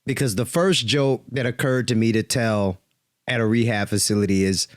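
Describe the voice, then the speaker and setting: A man's voice: medium pitch, moderate pace, no echo, clean studio sound. A man co-hosting a podcast, bantering and joking, laughing often. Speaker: podcast co-host. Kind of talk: casual banter.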